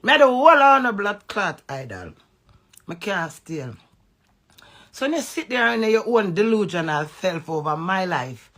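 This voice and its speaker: A Jamaican woman in an angry, profane social media rant, veering between loud outbursts and low muttering. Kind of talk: ranting social media live video.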